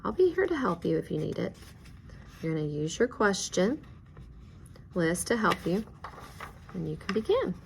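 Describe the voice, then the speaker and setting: A woman's voice: on the low side, big pitch swings, moderate pace, gravelly, long pauses, slight background noise. A woman teacher guiding a student step by step through a reading lesson, patient and encouraging, sometimes dropping to a whisper.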